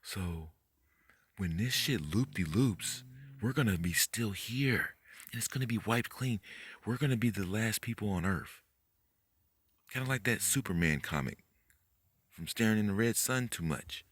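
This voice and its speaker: A man giving a rambling, profane late-night monologue, talking fast, tripping over his words and jumping up in pitch when he gets worked up. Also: expressive, fairly bright tone, husky, no room sound. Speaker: conspiracy video host.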